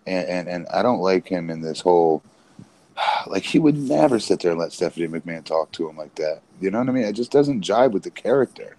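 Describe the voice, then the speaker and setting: A man's voice: sits low, lively intonation, fairly quick, dark tone, rough recording. A man co-hosting a wrestling podcast, talking casually and rambling with many restarts. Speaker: podcast co-host, former independent wrestler.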